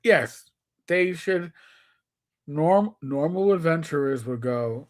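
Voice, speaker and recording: A man's voice: a little high, lively intonation, slow. A man in his fifties with a New York accent, co-hosting a casual live-stream chat and acting out players' lines as he tells stories. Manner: storytelling, acts out quoted players with shifting voice. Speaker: co-host.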